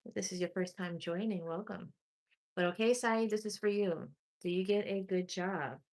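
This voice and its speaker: A woman gives one-card tarot readings on a livestream. She talks casually and affectionately, reading viewers' names and questions aloud while scrolling. Her delivery is loose, with pauses and small restarts. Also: mid-range voice, darkish tone. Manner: chatty and affectionate, calls viewers honey and sweetie. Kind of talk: live tarot reading, answering chat.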